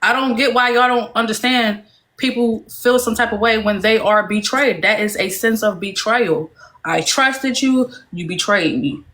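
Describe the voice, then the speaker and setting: A woman's voice: a little high, measured pace, a bit bright. Earnest woman defending a friend. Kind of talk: live-stream panel debate.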